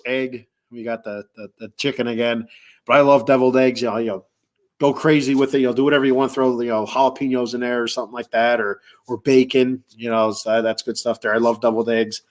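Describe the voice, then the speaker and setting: A man's voice: mid-range voice, a bit bright. A man hosting a casual solo podcast, rambling through a list of favorite foods with relish and chuckling to himself. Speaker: podcast host.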